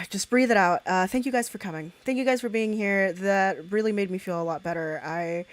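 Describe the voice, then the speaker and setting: A woman's voice: mid-range voice, moderate pace. A woman livestreamer chatting casually with her viewers, blunt and swearing freely, breaking into a cackling laugh. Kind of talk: casual live-stream reaction chat.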